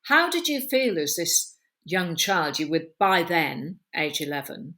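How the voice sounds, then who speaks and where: A woman hosting a podcast interview, talking in an animated, emphatic way and piling up descriptions. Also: on the low side, a little slow. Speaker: podcast host. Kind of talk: conversational interview.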